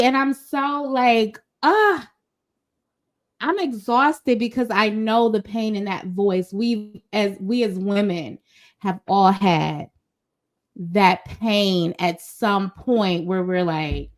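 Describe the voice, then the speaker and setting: A woman's voice: mid-range voice, slow pace. A woman co-hosting a casual pop-culture podcast, telling stories emphatically and acting out the quotes. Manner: animated, emphatic storyteller, acts out quotes. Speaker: podcast co-host.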